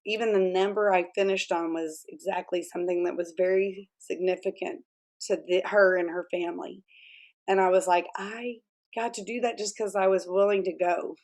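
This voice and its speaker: A middle-aged woman talking as a guest on an interview show. She tells stories with energy, breaks into laughter and acts out what people said to her. Her voice sits at an ordinary middle pitch. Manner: animated storyteller, laughs often, acts out quotes. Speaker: guest author. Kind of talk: conversational interview.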